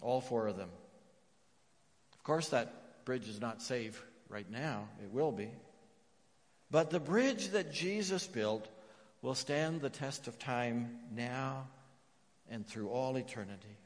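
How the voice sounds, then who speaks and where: A man preaching a sermon as pastor, emphatic, dropping to hushed repeated phrases. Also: mid-range voice, slow pace, pauses often. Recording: long reverb of a church hall.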